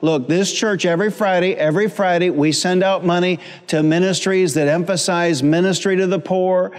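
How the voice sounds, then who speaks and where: This is a middle-aged man, a pastor, whose high-pitched voice keeps a steady, clean tone at a moderate pace. He preaches a sermon in a church sanctuary, leaning on humor and repetition and prompting the congregation to call back. The audio has a long church hall reverb.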